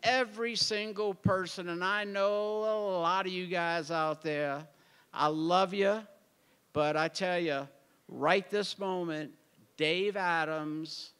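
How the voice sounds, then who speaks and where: A man speaks slowly in a folksy way, addressing the crowd at an award show. His voice sits a little high. The sound rings with long hall reverb. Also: steady tone, a bit bright, clean tone. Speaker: award presenter. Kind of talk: award speech with anecdote.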